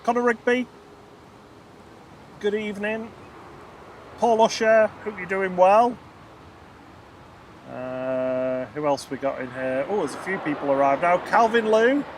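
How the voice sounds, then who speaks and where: Upbeat male stream host, fairly high voice, outdoors by an airport, faint noise behind. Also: measured pace, long pauses. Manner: upbeat, greets chat viewers by name. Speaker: livestream host. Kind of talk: live plane spotting stream chat.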